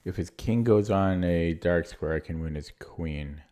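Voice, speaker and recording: A man streaming chess, thinking aloud in a low-key, muttering way as he works through puzzles and questions his own moves. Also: a little slow, dark tone. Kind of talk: casual thinking aloud while solving puzzles.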